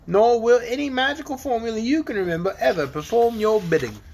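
A man voicing a stern, crafty dragon messenger in a storybook, speaking slowly and gruffly. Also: extremely high pitch, darkish tone, voice pushed up, exaggerated voice.

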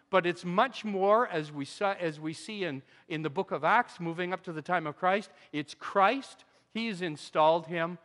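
High-voiced preacher in a reverberant sanctuary. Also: male voice. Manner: animated, conversational preaching with sudden drops to quiet asides. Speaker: pastor. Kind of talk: sermon. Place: church sanctuary. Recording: long hall reverb.

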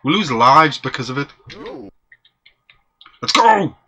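A man playing a retro video game with a friend, excitable and swearing often, with sudden high squeals. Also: slow pace. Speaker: gamer. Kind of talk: casual co-op let's play banter.

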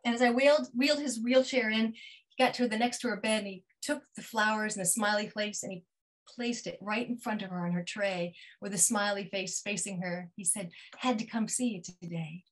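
A middle-aged woman telling a personal story over a video call, acting out dialogue with big jumps in pitch and sinking to a hush at tender moments. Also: fairly even intonation, fairly quick, rough recording. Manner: drops to a hushed near-whisper at tender moments. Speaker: featured storyteller.

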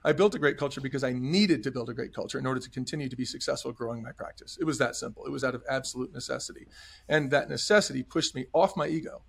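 A man's voice: medium pitch, fast talker, vocal fry, slightly rough. A middle-aged man telling his story as an interview guest in an earnest, emphatic way, often acting out what others said. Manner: earnest, emphatic storyteller who acts out dialogue. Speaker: podcast guest, former restaurant chain executive.

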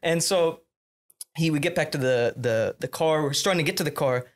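A young man telling a story on a podcast in a casual, profane way, with excited asides. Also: a little high, moderate pace.

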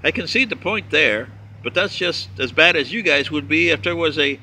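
A man's voice: fairly high pitch, normal speed, sharp tone, slight background noise. A man giving a sarcastic, mocking political commentary, reading and answering viewer letters.

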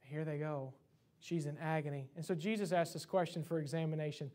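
A man's voice: fairly high pitch, fast talker, dark tone. A young adult man preaching a church sermon, impassioned, with many restarts and repeated words. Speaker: pastor. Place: church sanctuary.

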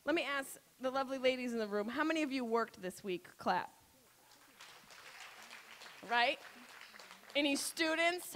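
Loud foul-mouthed lady doing standup, high pitched, teasing the audience. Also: slight background noise. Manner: brash, profane, crowd work. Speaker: stand-up comedian. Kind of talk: stand-up comedy set. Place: comedy club stage.

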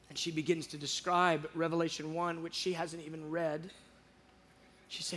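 A man telling a personal faith story in casual chat, animated and acting out the dialogue, with frequent restarts. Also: on the high side, normal speed. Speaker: guest speaker on prayer show.

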